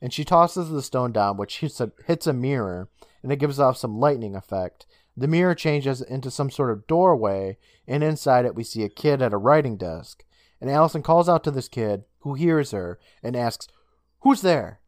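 A man co-hosting a casual podcast, retelling a TV episode scene by scene with swearing and quick character imitations. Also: mid-range voice, no room sound, studio quality. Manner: animated, swears, mimics characters while recapping. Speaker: podcast co-host recapping an episode.

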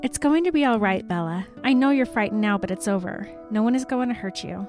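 A woman voicing a gentle young male vampire comforting a girl, in a soft, soothing read. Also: medium pitch, animated, fairly quick, over music, lightly acted.

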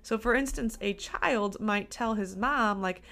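A woman's voice: medium pitch, a little slow, a bit bright. A woman dietitian hosting a solo podcast, talking in an upbeat, chatty, coaching way.

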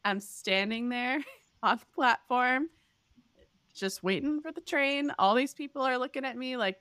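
A woman in her thirties co-hosting a podcast, telling a story in casual chat and acting out the voices with big leaps in pitch. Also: lively intonation, moderate pace, fairly bright tone, no room sound. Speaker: podcast co-host.

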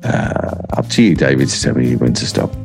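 A man's voice: very deep voice, lively intonation, moderate pace, vocal fry, over music. A man hosting a podcast in casual chat, running it in a playful, game-show-like way. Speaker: podcast host.

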